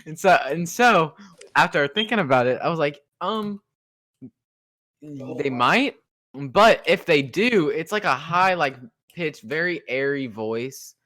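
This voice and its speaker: A man's voice: fairly high pitch, expressive, slow, sharp tone. A teenage boy co-hosting a podcast in casual chat, rambling and giggly, on a noisy call. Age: teens. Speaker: podcast co-host.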